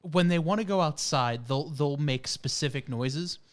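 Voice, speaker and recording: A man with a high voice, chatting casually as a podcast co-host. He tells stories with energy and mimics animal sounds as he goes. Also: normal speed. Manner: animated storyteller, acts out his dog's noises. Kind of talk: casual chat.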